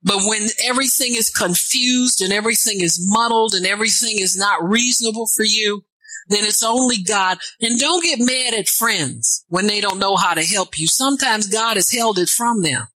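A woman's voice: medium pitch, normal speed, no room sound, poor audio. A woman preaching a sermon, reading scripture aloud and breaking in with questions to the congregation, her voice climbing as she builds. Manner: call-and-response asides, rising to shouts.

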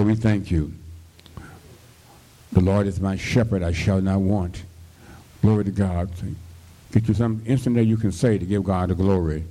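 Male pastor, deep mellow voice, fervent radio sermon full of hallelujahs. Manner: fervent, punctuated with constant hallelujahs and thank-you-Jesus.

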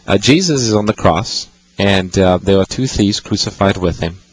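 A man's voice: lowish voice, normal speed, husky, rough recording. A man hosting a call-in radio show, patiently explaining Bible passages to callers. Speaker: radio Bible-teaching host.

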